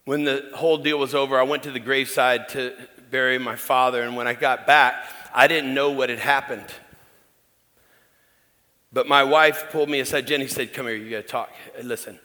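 A middle-aged male pastor telling a personal story in a sermon, emphatic with hushed asides. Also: medium pitch, little pitch movement, moderate pace. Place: large church. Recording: long reverb in a large church hall.

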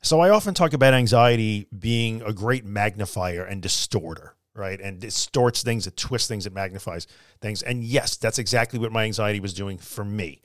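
A man's voice: lowish voice, normal speed, no room sound, studio quality. A middle-aged man hosting a podcast, telling a personal story in an earnest, conversational way and acting out quoted dialogue. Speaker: podcast host.

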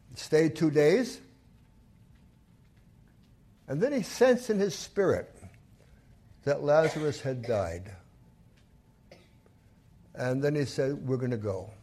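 A man delivering a sermon, his pitch rising and falling freely as he retells a scripture story. His voice sits slightly high for a man, and he throws himself into the quoted lines of the story. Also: husky. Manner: retells scripture with acted quotes, lively and emphatic. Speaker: pastor.

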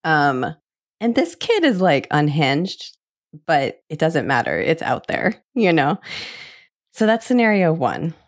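A woman's voice: sits low, wildly swooping pitch, takes it slowly, no room sound, clean studio sound. A woman hosting a podcast, casually laying out detailed hypothetical scenarios with lots of "like" fillers. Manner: spins vivid hypothetical scenarios, heavy on "like". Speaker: podcast host. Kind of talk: casual chat.

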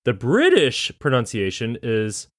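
A man's voice: mid-range voice, huge pitch swings, measured pace, dry recording, clean studio sound. A man co-hosting a podcast, casual and playful, teasing and sounding words out. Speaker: podcast co-host. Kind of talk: casual chat.

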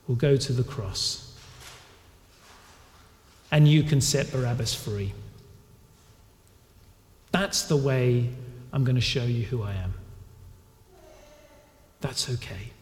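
A preacher voicing a calm, earnest Jesus in a reverberant hall. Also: male voice. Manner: soft, low and earnest. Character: calm, self-giving male Jesus speaking to the crowd. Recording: echoey hall with long reverb.

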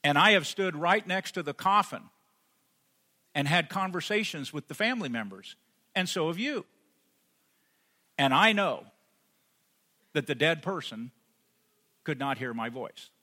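A man preaching a sermon as pastor, rising to emphatic peaks and then dropping soft and intimate. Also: a little high, lively intonation, measured pace, pauses often. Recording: long hall reverb.

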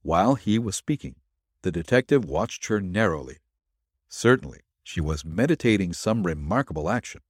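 A man narrating a detective story aloud with expressive storytelling. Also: low-pitched, moderate pace, breathy edge, dry recording, clean studio sound. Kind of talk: audiobook narration.

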